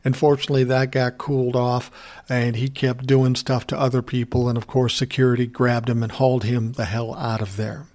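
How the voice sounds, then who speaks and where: A man's voice: mid-range voice, little pitch movement, fairly quick, darkish tone. Middle-aged man from Minnesota, casual profane ranter, laughs between lines. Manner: profane, blunt storytelling with chuckles. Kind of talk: casual ranting monologue.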